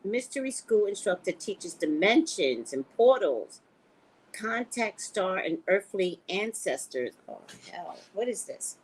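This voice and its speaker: An American woman hosting a casual livestream, chatting with viewers and telling stories in a playful, profane, animated way. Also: unhurried, slight background noise, poor audio. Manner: animated storytelling with sharp pitch jumps, profane and playful. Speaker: psychic and livestream host. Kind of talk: casual livestream chat reading comments.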